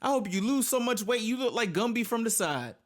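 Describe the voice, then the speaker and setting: Incredulous profane reaction host. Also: male voice, extremely high pitch, expressive, brisk. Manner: exasperated, profane, incredulous outbursts. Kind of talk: casual reaction commentary.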